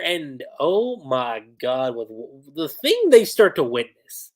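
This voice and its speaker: A livestream host recapping manga chapters in a casual, excited way, chatty with frequent laughs and lots of "like" fillers. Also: mid-range voice, takes it slowly, few pauses.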